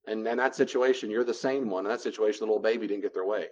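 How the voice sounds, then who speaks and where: A man's voice: lowish voice, racing. Man teaching a class, acting out dialogues. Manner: animated, acts out both sides of dialogues. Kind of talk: classroom lecture with role-play examples.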